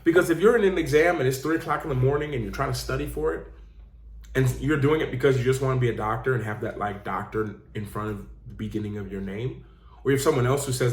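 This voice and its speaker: A man's voice: mid-range voice, fast talker. Earnest motivational man in an echoey room. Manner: earnest, emphatic storytelling with repetition. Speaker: life coach and channel host. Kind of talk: motivational talk. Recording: roomy echo.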